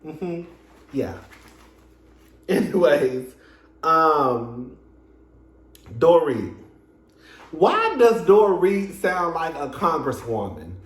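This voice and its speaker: A man's voice: a little high, very animated, drawn-out words, pauses often. A man giving casual commentary as a reality TV reviewer, sassy and profane, laughing often. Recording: echoey room.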